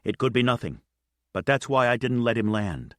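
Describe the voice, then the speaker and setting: A man voicing a patient, steady female airline captain who speaks quietly and kindly. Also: medium pitch, normal speed, no room sound, clean studio sound, natural voice. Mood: calm.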